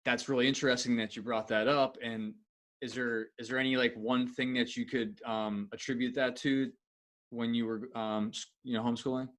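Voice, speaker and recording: A man at a medium pitch asks questions in a friendly, rambling way. He restarts his sentences as he thinks aloud. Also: little pitch movement, normal speed, fairly bright tone. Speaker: podcast co-host. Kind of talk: casual podcast interview.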